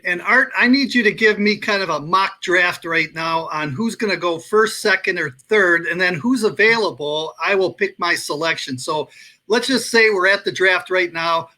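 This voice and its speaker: A man's voice: high-pitched, pushed and bright. A man on a casual sports show, telling stories at an easy pace and acting out the quotes. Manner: easygoing storyteller, acts out quotes. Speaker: guest storyteller on sports show.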